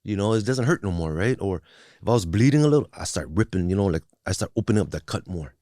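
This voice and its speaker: His voice sits low and mellow, with lively intonation and a quick pace, as this forties-aged guest candidly relates his life, profane and blunt, restarting often and tagging "you know what I mean." English isn't his first language. The recording is dry, clean studio sound.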